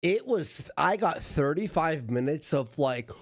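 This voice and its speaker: A man's voice: a little high, expressive, unhurried, no echo, studio quality. A man co-hosting a livestreamed talk show, jumping in with crude, eager remarks. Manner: profane, eager interjections. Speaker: co-host and show editor. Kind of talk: crude comedic stream banter.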